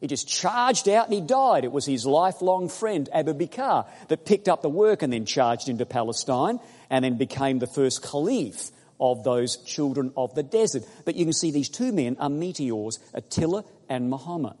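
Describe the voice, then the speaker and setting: A man preaching a sermon, emphatic and building to loud exclamations as he addresses the congregation. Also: mid-range voice, expressive, moderate pace. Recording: long hall reverb.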